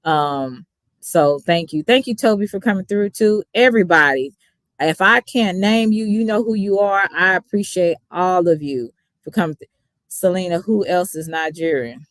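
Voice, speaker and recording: A woman's voice: lowish voice, moderate pace, dry recording, clean studio sound. A woman from Dallas with a Texas accent, sleepy and chatty, rambling as she thanks her livestream viewers by name. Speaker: YouTube reaction streamer. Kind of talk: casual livestream sign-off.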